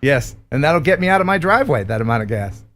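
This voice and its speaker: A man's voice: medium pitch, quick pace, a little hiss or hum. A man in his fifties hosting a live drone stream, joking and reading out viewer donations. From United States. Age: 50s. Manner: jokey, animated, reads out viewer donations.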